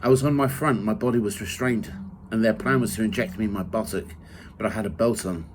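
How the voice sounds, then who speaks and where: Low-voiced guy reading his own memoir, steady first-person telling, bit of faint background hum. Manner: measured reading, rising loud for quoted shouts.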